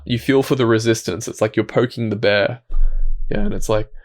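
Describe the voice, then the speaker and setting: Man, lowish voice, self-help talk, calm, gentle, thoughtful restarts, soft quiet asides. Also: brisk. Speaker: self-help video host. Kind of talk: reflective talk to camera.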